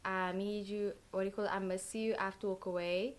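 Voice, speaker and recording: A woman's voice: mid-range voice, flat delivery, a little fast. Young woman rambling through a tarot reading. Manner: rambling, full of "like" and "literally" fillers. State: tired. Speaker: tarot card reader. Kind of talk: casual chatty tarot reading.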